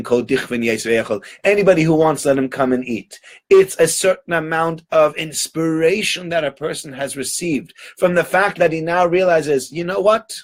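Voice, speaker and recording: A man telling a story in a casual, conversational way while teaching on a religious holiday text. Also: medium pitch. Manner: conversational, many fillers and restarts. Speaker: Torah teacher.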